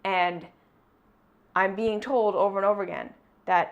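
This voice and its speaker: A woman vlogger telling a candid personal story in an earnest, reflective way, moving between brisk and slow deliberate phrasing. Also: mid-range voice, steady tone, highs cut off.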